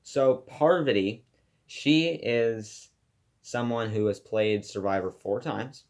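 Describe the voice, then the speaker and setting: A man's voice: medium pitch, slow, darkish tone. A man giving a casual, enthusiastic class presentation about a TV show he loves, rambling with fillers and restarts. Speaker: student presenter.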